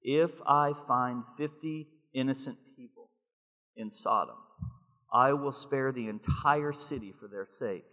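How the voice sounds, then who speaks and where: A man reading the lines of a calm, patient male deity in a measured voice. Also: medium pitch, big-room sound, lo-fi sound. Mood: steady.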